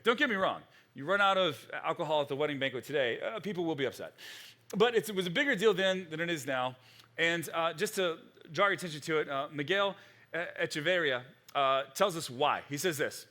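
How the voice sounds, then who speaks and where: A middle-aged male pastor preaching a sermon in a conversational, animated way, with frequent restarts. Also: a little high, brisk.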